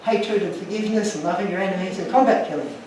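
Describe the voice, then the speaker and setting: A man's voice: high-pitched, fast talker, recorded from a distance, noisy background. Earnest man telling stories in echoey room. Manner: earnest, emotional storytelling. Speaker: speaker. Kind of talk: illustrated talk to an audience.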